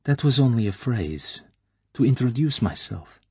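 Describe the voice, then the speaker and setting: A man's voice: medium pitch, lively intonation, normal speed, a little mellow, husky, no echo, voice pushed up. A man voicing a teasing, shy young Russian woman with a slight Russian accent, in an audiobook reading. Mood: coy teasing. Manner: coy, playful, prim.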